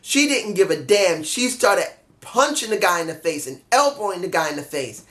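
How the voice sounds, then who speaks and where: A man casually reviewing a wrestling show, excitable, swearing freely and laughing often. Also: high voice, normal speed.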